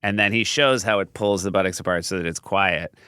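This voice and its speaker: A man's voice: low-pitched, steady tone, a little fast, pushed and bright, clear, resonant tone, dry recording, clean studio sound. A man hosting a podcast, casually telling stories about old comedy sketches and acting out the quoted lines with laughs. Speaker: podcast host. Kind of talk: casual storytelling chat. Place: podcast studio.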